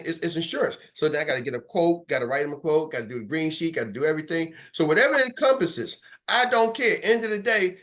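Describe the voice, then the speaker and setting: Male sales coach, high voice, energetic motivational talk. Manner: animated, acts out cold calls in character voices.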